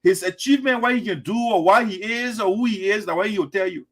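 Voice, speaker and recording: A man's voice: sits high, a little fast, very noisy. A man hosting political radio commentary, scornful and lecturing. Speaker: host.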